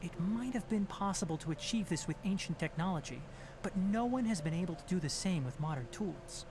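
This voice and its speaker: A man voicing a calm young male forest ranger in a video game, speaking in a measured, gentle, sober way. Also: high voice. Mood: explaining. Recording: game audio with background noise.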